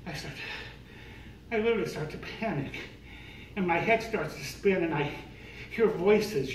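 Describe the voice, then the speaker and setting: Older male storyteller, lively and self-mocking, noisy distant live recording. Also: fairly high pitch, normal speed, long pauses. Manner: animated, self-mocking, acts out voices. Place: live event venue on stage. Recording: echoey room, distant, noisy.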